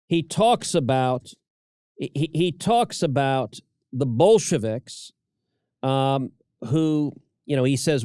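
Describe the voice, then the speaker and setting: A man's voice: medium pitch, animated, slow, mellow, smooth, no echo, studio quality. A middle-aged man delivering political commentary as a podcast co-host, emphatic and given to repeating words as he starts sentences.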